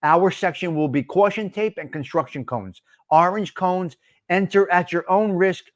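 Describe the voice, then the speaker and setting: A man hosts a casual live stream and keeps laughing as he answers his viewers. His voice sits fairly high, and he reacts to the chat with a lot of energy. The sound is dry and close to the mic. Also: moderate pace, no room sound. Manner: laughing, animated, talks back to chat.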